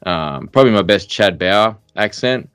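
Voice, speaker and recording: A man's voice: lowish voice, expressive, normal speed, a bit bright, clear, resonant tone, dry recording, clean studio sound. A middle-aged man co-hosting a podcast, talking bluntly in casual chat with lots of fillers and restarts. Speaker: podcast co-host.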